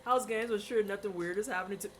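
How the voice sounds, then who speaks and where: A woman's voice: medium pitch, fast, a little hiss or hum. A woman livestreaming while she bakes, chatting casually with her viewers, laughing and exclaiming often. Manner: giggly, exclaiming, teasing chat. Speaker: streamer.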